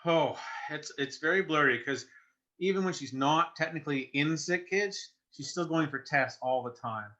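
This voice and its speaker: A middle-aged man, telling a personal story as a guest in earnest, halting conversation with restarts. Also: fairly high pitch, bright, forceful tone. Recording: muffled lo-fi sound.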